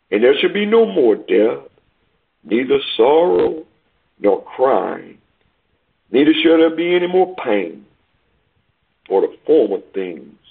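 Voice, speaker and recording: A man preaching a sermon, reading scripture aloud and explaining it with emphatic swells and hushed asides. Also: mid-range voice, gravelly, husky. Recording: tinny phone-like line.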